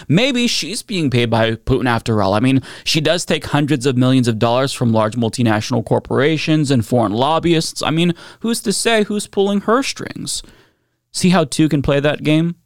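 A male political commentator talks bluntly and with biting sarcasm, swearing freely. His voice sits at an ordinary pitch. The recording is close and dry. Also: no room sound.

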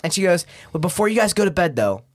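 Animated young man telling a wild story. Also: sits high, fast, a little hiss or hum. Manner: animated, swearing, laughing often, slangy. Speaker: guest. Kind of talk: casual storytelling chat.

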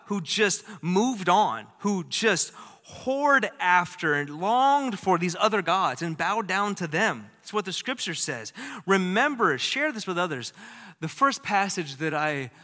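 A middle-aged male preacher with a bright, forceful tone, delivering a sermon in a church. His voice swings from urgent, loud exhortation down to soft, hushed near-whispers. A long reverb trails each phrase through the hall. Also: high-pitched.

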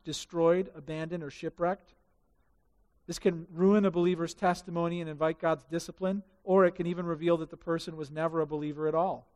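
A man preaching a sermon as pastor, telling the story in an animated way and asking the congregation questions. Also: sits high, big-room sound.

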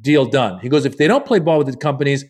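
Quick-paced and mid-range in pitch, a comedian on a laid-back podcast unspools a long tale, swearing loosely and animatedly acting out everyone he quotes.

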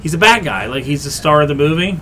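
A man's voice: fairly high pitch, animated, fast, bright, forceful tone, a little hiss or hum. A man hosting a casual podcast chat, opinionated and rambling, often restarting his sentences. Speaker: podcast host.

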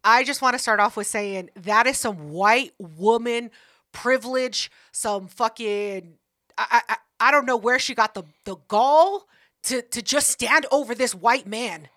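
A woman co-hosting a casual podcast, blunt and profane in quick banter. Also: fairly high pitch, sharp tone, no echo, clean studio sound. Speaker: podcast co-host.

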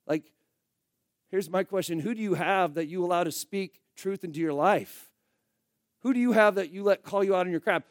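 High-voiced pastor preaching emphatically. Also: male voice, moderate pace, no echo, studio quality. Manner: emphatic, conversational preaching with swings from loud to quiet. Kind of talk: sermon.

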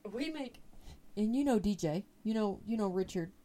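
A woman hosting a podcast, telling a story in a casual, profane, animated way. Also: mid-range voice, moderate pace. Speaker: podcast host.

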